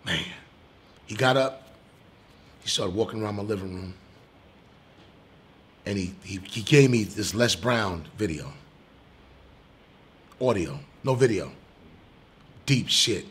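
A male comedian telling a personal story in an interview, animated and casual, swearing now and then and getting loud when excited. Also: fairly low pitch, takes it slowly, pauses often, slightly rough.

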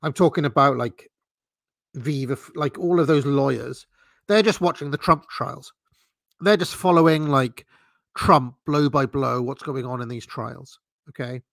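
Gravelly-voiced male political commentator. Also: mid-range voice, unhurried, fairly bright tone, no echo. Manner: rambling, frequent fillers and restarts; dismissive, opinionated. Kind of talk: casual livestream commentary.

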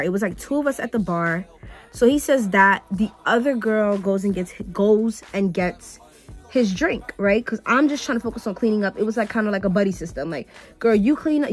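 Young woman, vlogger storytime, sassy and animated, slangy, faint music behind. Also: medium pitch. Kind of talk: storytime chat while getting ready.

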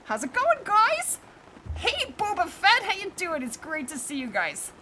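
A woman's voice: very high voice, wildly swooping pitch, unhurried, noisy background. A woman live-streaming a hunting game, bubbly and chatty, laughing often and greeting viewers by name while nursing a back injury.

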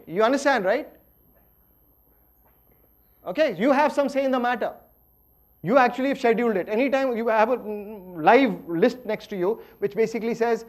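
A middle-aged man with an Indian English accent giving a lively, playful workshop lecture that swings between loud emphasis and quiet asides. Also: very high-pitched, normal speed.

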